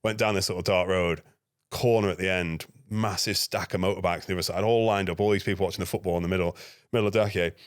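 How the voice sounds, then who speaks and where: Male podcast guest, rapid storyteller with a lowish voice. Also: clear, resonant tone, no room sound, clean studio sound. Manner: lively anecdote-telling, acting out his own dialogue. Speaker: guest, NGO security manager.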